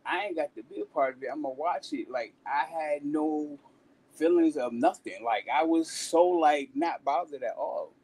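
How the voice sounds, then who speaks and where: A man in casual chat on a talk stream, telling a story bluntly with plenty of swearing and animated delivery. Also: on the high side, normal speed, rough recording.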